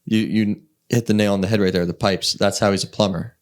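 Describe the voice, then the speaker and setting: A low-voiced man co-hosting a podcast, chatting casually. He rambles, stops to restart his sentences, and fills gaps with ums and likes. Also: steady tone, brisk. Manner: rambling, filler-heavy, hesitant restarts. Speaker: podcast co-host. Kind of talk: casual chat.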